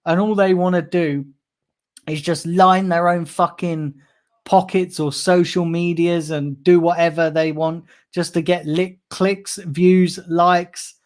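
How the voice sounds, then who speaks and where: A man with a high, clean-toned voice hosts a fan channel livestream. Reading out the chat, he rants angrily, swears a great deal, and goes over the same points again and again.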